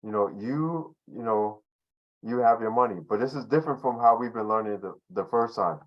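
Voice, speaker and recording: A man's voice: mid-range voice, moderate pace, highs cut off. A man teaching a language class online in a loose, conversational way, full of fillers and restarts.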